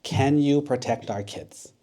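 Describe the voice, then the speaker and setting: A man voicing a sensible female bird who thinks before acting, speaking in a calm, thoughtful way. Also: mid-range voice, a little slow, natural voice. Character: wise careful female bird.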